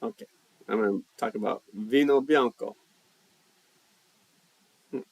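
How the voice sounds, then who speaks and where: Slow, easygoing man hosting live chat. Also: fairly low pitch, dry recording. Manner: slow, relaxed, thinking aloud while reading chat. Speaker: language livestream host.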